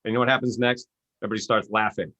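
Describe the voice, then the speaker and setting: A man, an author and coach, telling stories in an interview and acting out quoted voices. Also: rapid-fire. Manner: animated, acts out quotes with rising pitch. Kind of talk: interview guest storytelling.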